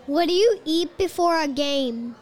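A woman's voice: high voice, animated, unhurried, darkish tone. A young woman asking a hockey player playful, direct questions. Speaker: interviewer. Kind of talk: casual questions.

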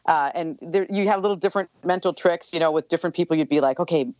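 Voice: medium pitch, fast, a little mellow, dry recording. Chatty interview guest, author type, lots of "you know" asides; muffled, dead-dry recording. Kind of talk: casual interview chat.

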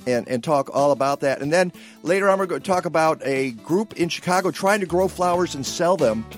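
Lively, rambling radio host man. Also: fairly high pitch, fairly quick, faint music behind. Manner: rambling, many fillers, joking. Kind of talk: casual radio chat. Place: radio studio.

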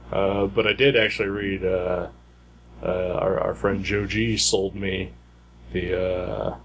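A man's voice: low voice, little pitch movement, slow pace, slightly rough. A man co-hosting a casual podcast chat, rambling with many fillers and restarts. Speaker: podcast co-host.

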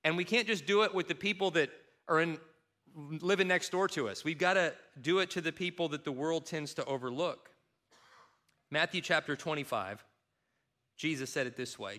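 A middle-aged man from Kentucky preaching a sermon, mixing funny personal stories with scripture. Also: on the high side. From Kentucky, USA. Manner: animated, self-mocking humor with quoted voices. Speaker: pastor. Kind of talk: sermon with storytelling.

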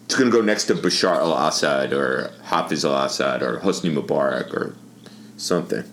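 A man's voice: extremely low pitch, animated, moderate pace, a bit bright, a little hiss or hum. A man co-hosting a podcast, chatting casually and telling a story through bursts of laughter. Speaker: podcast co-host. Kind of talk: casual chat.

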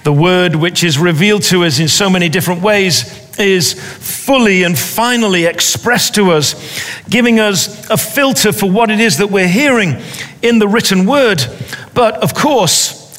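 A man preaching a sermon in a deliberate way, repeating phrases for emphasis. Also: high voice, animated, fairly bright tone, big-room sound.

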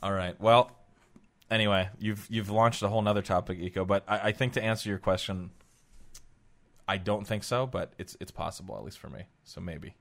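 A man's voice: lowish voice, brisk, gravelly, fairly bright tone. A man hosting a podcast in casual chat, rambling with many fillers and acting out stern quotes. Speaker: podcast host.

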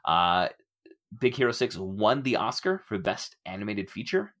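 Animated man hosting a podcast. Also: lowish voice, measured pace. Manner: animated, laughs often, acts out quoted voices. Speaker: podcast host. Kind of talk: casual podcast discussion.

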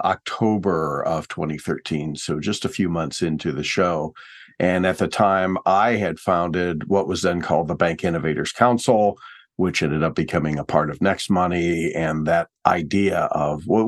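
Deep-voiced man, relaxed podcast co-host. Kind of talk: casual conversation on a podcast.

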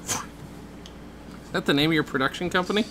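A man's voice: fairly high pitch, a little fast, sharp tone, a little hiss or hum. A man co-hosting a comedy podcast in casual chat, rambling and joking with frequent laughs. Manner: rambling, jokey, laughs often. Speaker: podcast co-host.

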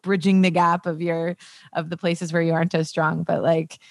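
A woman's voice: lowish voice, level tone, normal speed, no echo. A woman hosting a podcast in a chatty, casual way, laughing often as she talks. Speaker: podcast host. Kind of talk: casual chat.

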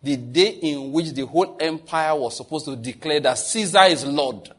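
A man preaching a sermon, talking to his listeners in an animated way, laughing often and asking them questions. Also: fairly high pitch, normal speed. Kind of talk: sermon teaching.

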